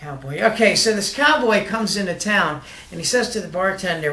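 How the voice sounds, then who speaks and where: Bright-voiced joke teller in an echoey room. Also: mid-range voice, lively intonation, brisk, hardly any pauses. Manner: shaggy-dog pacing with fillers and asides. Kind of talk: casual joke telling.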